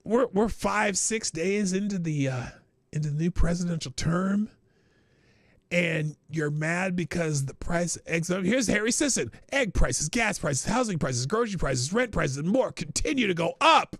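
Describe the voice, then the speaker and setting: Animated, sarcastic male show host. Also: high-pitched, moderate pace, gravelly, no room sound, studio quality. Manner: sarcastic, laughing, animated rants with restarts. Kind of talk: casual political commentary show.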